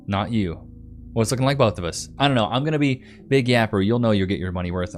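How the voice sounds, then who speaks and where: A young man with a lowish voice hosts a casual live stream, reading comments and joking with his viewers in a teasing, playful way. Soft music plays faintly behind him. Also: fast. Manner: playful, teasing banter with chat. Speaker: livestream host.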